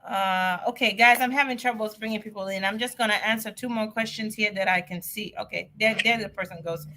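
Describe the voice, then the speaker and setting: A woman answering immigration questions on a live stream, chatty and excitable, often repeating herself. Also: medium pitch, brisk. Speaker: immigration advisor.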